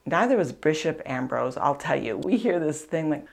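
Speaking in a low, creaky, expressive voice at a moderate pace, this woman hosts a faith podcast. An author and speaker too, she tells of a saint earnestly and chattily, sprinkling in asides while she teaches through storytelling.

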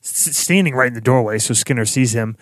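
A man's voice: medium pitch, brisk, dry recording. A man co-hosting a podcast, casually recapping a TV episode with dry sarcasm and mock-quoted lines. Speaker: podcast co-host.

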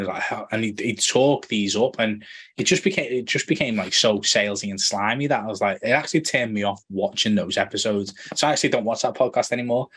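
A man with a low, husky voice chats loosely on a podcast, tossing in "like" constantly and swearing offhand. He sounds lively and opinionated. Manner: animated, full of "like", swears casually. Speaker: podcast co-host. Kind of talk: casual chat.

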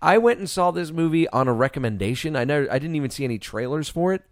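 A man's voice: fairly high pitch, expressive, fast talker, no echo, studio quality. A man co-hosting a casual movie podcast, joking loosely and swearing freely. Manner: loose, profane, jokey banter. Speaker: podcast co-host.

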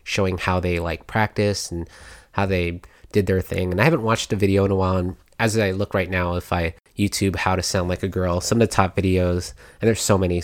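A man's voice: sits low, dry recording, clean studio sound. A man hosting a podcast, talking in a casual, rambling way with many fillers and little laughs. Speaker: podcast host.

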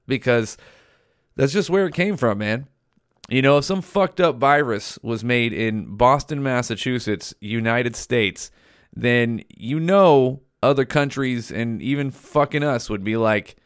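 A man's voice: medium pitch, measured pace, clean tone, no echo, clean studio sound. Profane ranting male podcast host. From California. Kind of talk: casual solo podcast rant.

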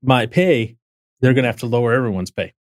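A man's voice: medium pitch, brisk, no room sound. A man hosting a casual political talk, explaining things step by step with frequent restarts. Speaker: podcast host.

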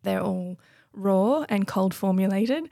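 A young adult woman, a guest on a podcast, explaining things in a measured, informative way. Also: mid-range voice, animated, gravelly, dark tone, dry recording, studio quality. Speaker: brand distributor guest.

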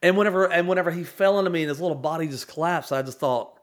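A man in his forties tells a tender family story on a talk show, speaking rapid-fire in a fairly high voice. He rambles, restarts often and uses many fillers, like casual chat.

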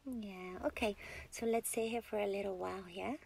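A woman's voice: medium pitch, steady tone, moderate pace, gravelly, darkish tone, slightly rough. A woman in a whispered role-play as a comforting partner, tender and coaxing, often giggling and dropping into whispers.

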